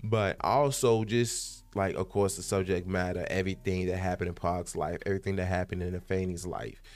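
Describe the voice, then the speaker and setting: A young man talking casually to his viewers as a YouTube host, rambling and animated, with lots of fillers and restarts. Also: sits low, brisk. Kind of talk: casual vlog monologue.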